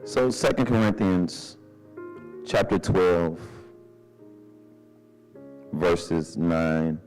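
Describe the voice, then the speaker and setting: Male pastor, lively sermon, calls for responses, jokes with the congregation, soft music underneath. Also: low-pitched, very slow. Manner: animated preaching with call-and-response and humor. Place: church sanctuary.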